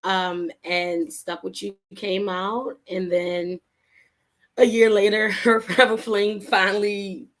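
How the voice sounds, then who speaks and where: A woman's voice: medium pitch, slow. Chatty woman author telling stories. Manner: animated, acts out quoted voices, laughs often. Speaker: author, guest. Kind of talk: casual storytelling.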